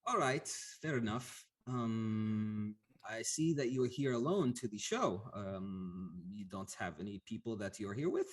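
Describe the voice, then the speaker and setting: A man's voice: fairly low pitch, lively intonation, measured pace. A man voicing a haughty woman who travels with devils, blunt and dismissive in a tabletop game. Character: haughty female guest with devil entourage.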